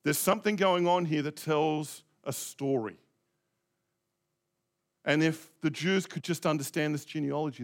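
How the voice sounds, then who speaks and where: A middle-aged male pastor preaching a reflective, conversational sermon, asking his congregation direct questions. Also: medium pitch.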